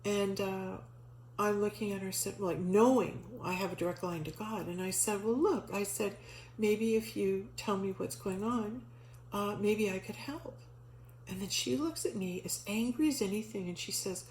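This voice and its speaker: A middle-aged woman recounting a personal spiritual experience in a casual storytelling voice, at an ordinary pitch. She gets animated and acts out the voices she quotes, stumbling through restarts and fillers. The room around her is echoey, with a faint hum underneath. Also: moderate pace.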